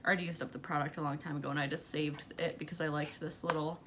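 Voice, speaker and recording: A woman's voice: low voice, fairly even intonation, rapid-fire, a little hiss or hum. A young woman who is out of breath, chatting casually about makeup to her camera at night, rambling with lots of fillers and frequent little laughs. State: out of breath from pregnancy. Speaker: beauty vlogger. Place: bedroom at night under bright light.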